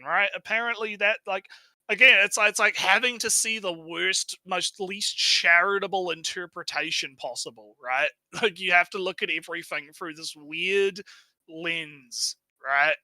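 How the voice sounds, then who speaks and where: Bright, tense man rambling in chat. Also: high-pitched, unhurried, dry recording, low-quality recording. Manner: rambling, tags lines with "right?"; repeats words when starting phrases. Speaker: stream co-host. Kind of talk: casual chat.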